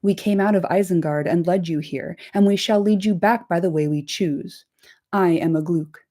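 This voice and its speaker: A woman reading the part of a brutal male orc captain with a deep growl, boastful and barking orders. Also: normal speed, warm tone, lightly acted. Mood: gruff.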